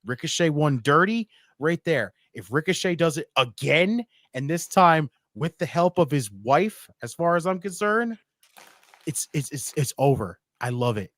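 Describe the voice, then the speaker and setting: A man co-hosting a casual wrestling podcast, excitable and profane, repeating himself for emphasis. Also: fairly high pitch, unhurried, dry recording, clean studio sound. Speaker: podcast co-host.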